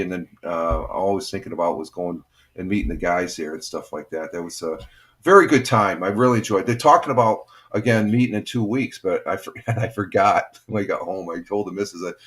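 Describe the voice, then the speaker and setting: Chatty older man, low voice. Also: fairly quick, a bit bright. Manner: rambling, chatty, many fillers. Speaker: livestream host. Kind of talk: casual morning chat. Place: home.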